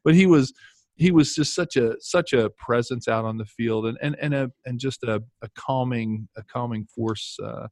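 A former football player telling lively anecdotes in casual chat, with many fillers and restarts. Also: male voice, medium pitch, moderate pace, dry recording.

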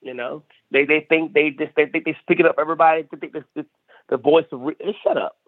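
A South Carolina comic guesting on a podcast chats casually, ranting emphatically and repeating phrases. He talks fast in a slightly high voice with fairly even intonation. The audio is dry and tinny, as if over a phone.

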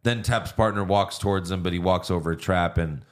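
A man with a low voice casually walking through a movie plot on a podcast. He talks loosely, full of "uh" and "like", now and then swearing. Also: brisk. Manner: recounts plot with fillers and acted quotes. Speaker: podcast co-host. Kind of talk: casual film recap.

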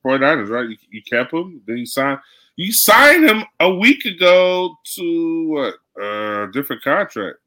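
A man's voice: fairly high pitch, very animated, unhurried, bright, forceful tone. A man co-hosting a sports podcast, boasting and trading playful trash talk. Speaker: podcast co-host. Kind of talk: casual sports chat.

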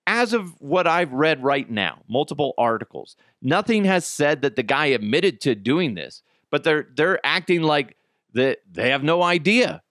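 A man riffs loosely on strange headlines, laughing and swearing as he goes. His pitch swings up and down a lot, and the close mic sounds dry. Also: animated, a little slow, a bit bright, dry recording. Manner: laughing, joking, profane. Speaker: podcast host. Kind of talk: casual comedic commentary.

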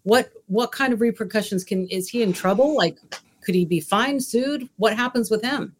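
A woman on a podcast panel, curious, firing off quick follow-up questions. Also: fairly high pitch. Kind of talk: casual podcast discussion.

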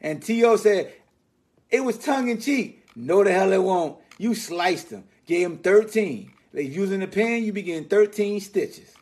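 A man hosting a sports podcast, riffing in an animated, slangy, mocking way. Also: high voice, measured pace, few pauses. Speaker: podcast host. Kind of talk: casual sports commentary monologue.

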